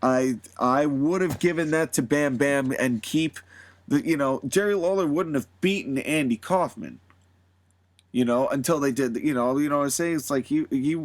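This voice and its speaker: A man's voice: medium pitch, moderate pace. A man hosting a podcast, talking casually and at length, rambling with many fillers and frequent laughs. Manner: rambling, animated, laughs often, lots of fillers. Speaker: podcast host. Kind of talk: casual solo commentary.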